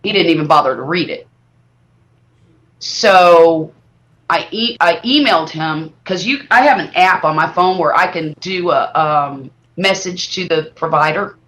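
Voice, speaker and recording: A middle-aged woman, hosting a live stream and telling stories in a lively, exaggerating way. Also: deep voice, a little slow. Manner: animated, exaggerating storyteller. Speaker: livestream host. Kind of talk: casual storytelling chat.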